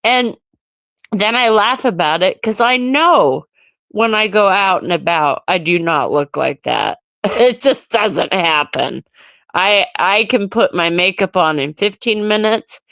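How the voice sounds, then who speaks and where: A woman's voice: mid-range voice, expressive, slow pace, fairly bright tone, dry recording. A woman hosting a casual solo livestream, ranting and answering her chat in an irritated way. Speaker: livestream host.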